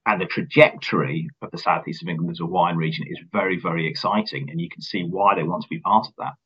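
Deep husky-voiced finance executive. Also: male voice, pushed and bright, dull audio. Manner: measured, earnest, repeats words at starts. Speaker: company finance chief. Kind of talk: business interview answers.

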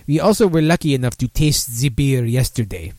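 A formal French-accented brewery director reads a statement slowly and stiffly, as a man puts on the voice. The voice sits at a middling pitch and sounds close and dry, with no room around it. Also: lively intonation, a little mellow, no room sound, natural voice. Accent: put-on French.

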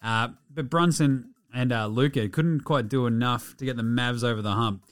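A man's voice: mid-range voice, normal speed, faint music behind. A man hosting a casual sports podcast, joking and swearing as he recaps games. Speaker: podcast host.

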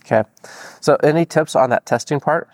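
A man's voice: a little high, fairly quick, no room sound. A man hosting an interview, asking short questions and summarizing what his guest said. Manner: brief affirmations, summarizing. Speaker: interview host.

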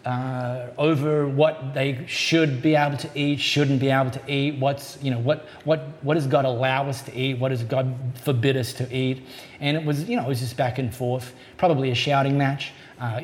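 A man preaching a sermon as a pastor, in a conversational way, slowing down to stress key points. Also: mid-range voice, darkish tone, slight background noise.

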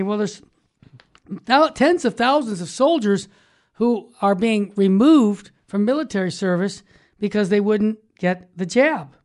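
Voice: mid-range voice, expressive, unhurried, a little mellow. A talk show host who speaks in an upbeat, emphatic way, reading news items and affirming the co-host. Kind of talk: casual conservative Christian talk show chat.

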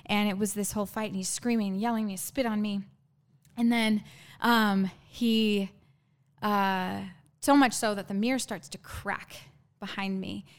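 A woman guest telling a painful personal story in a halting, earnest way, with many fillers and restarts. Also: mid-range voice, fairly even intonation.

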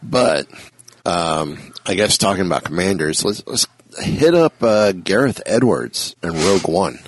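A man co-hosting a casual podcast, firm on fan details and quick to correct others. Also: low voice, big pitch swings, slightly rough, no room sound, low-quality recording. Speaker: podcast co-host. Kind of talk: casual chat.

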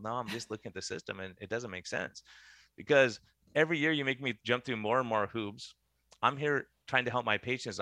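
Fast-talking man with a bright, dry voice. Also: on the low side, no room sound. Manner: animated, acts out quoted dialogue. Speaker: physician guest. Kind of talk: conversational storytelling.

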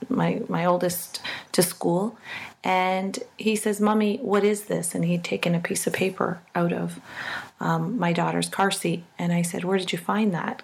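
A middle-aged woman telling a personal story in an earnest, halting way, with fillers and restarts. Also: lowish voice, vocal fry.

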